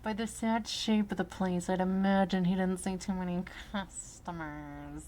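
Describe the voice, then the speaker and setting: A woman with a fairly low voice reads a story aloud, taking each line deliberately and dramatically. A soft hiss sits faintly under her voice. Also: fairly even intonation. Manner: deliberate, dramatic reading with muttered asides. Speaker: story reader.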